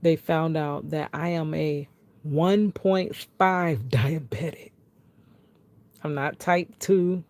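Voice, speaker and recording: A woman vlogger telling a personal health testimony in an animated way, acting out what people said and talking straight to her viewers. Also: low-pitched, slow pace, no room sound. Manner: animated, acts out quotes, talks straight to viewers.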